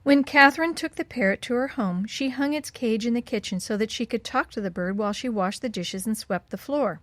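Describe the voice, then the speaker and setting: A woman narrating a children's story in an expressive, lilting read-aloud style. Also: a little high, no echo.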